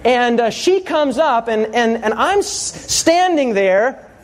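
A man's voice: extremely high pitch, animated, slow. A man preaching a sermon, telling a personal story and asking the congregation questions.

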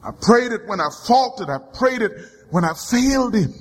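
A man preaching a sermon from the pulpit, building rhythmic repeated refrains that swell into shouts. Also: extremely high pitch, expressive, moderate pace, breathy edge. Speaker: pastor. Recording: long hall reverb.

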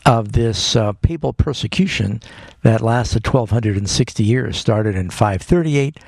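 A man with a gravelly, husky voice answers callers' Bible questions on a radio call-in show, earnest and explanatory. His sound is dry and close, straight off a studio mic. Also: mid-range voice, unhurried, a little mellow, no room sound. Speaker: radio Bible program host and pastor. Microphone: studio microphone.

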